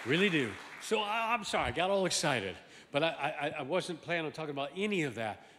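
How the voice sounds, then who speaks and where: Emphatic pastor with a higher voice. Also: male voice, fast, in a large hall, some chatter behind, a little hiss or hum. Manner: emphatic, swings from loud exclamations to low asides; animated, repeats words and restarts. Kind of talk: sermon. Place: large church sanctuary.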